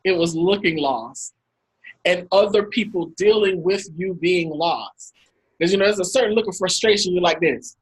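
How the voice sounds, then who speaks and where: Woman host with a husky, breathy edge, chatting casually on a video call and acting out her stories. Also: lowish voice, moderate pace, rough recording. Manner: animated anecdotes, acts out quotes with laughs. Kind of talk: casual storytelling talk.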